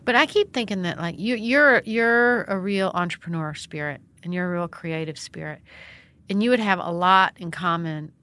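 Her voice sits fairly low and moves at a normal speed. As an interview guest, this middle-aged nonprofit founder and priest chats conversationally, spinning stories with animation and voicing other people's words as she goes.

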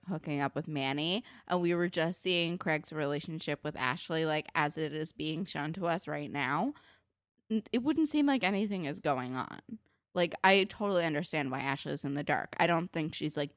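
Young woman cohost, lowish voice, dry close mic, exasperated sarcastic rant w/ swearing. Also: dry recording. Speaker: podcast co-host. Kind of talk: casual chat recapping a TV episode.

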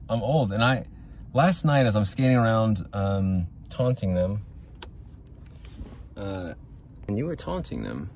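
Casting: low-pitched man, rambling laid-back podcast host, goofy and self-mocking, faint hiss behind. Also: a little mellow. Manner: goofy, rambling, laughs at himself. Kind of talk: casual solo podcast rambling.

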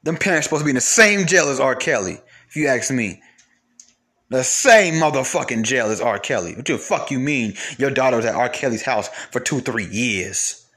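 A man's voice: mid-range voice, animated, normal speed, fairly bright tone. A man delivering an angry, profane rant to camera, firing off repeated rhetorical questions.

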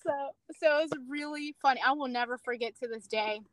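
A woman police officer telling a story in a casual chat over a remote call, animated and full of fillers. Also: high-pitched, brisk, rough recording.

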